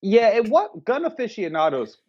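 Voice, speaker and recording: A man's voice: high voice, wildly swooping pitch, moderate pace. Sarcastic man on a dull, lo-fi mic. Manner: sarcastic, profane banter. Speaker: podcast co-host, movie reviewer. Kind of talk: casual chat.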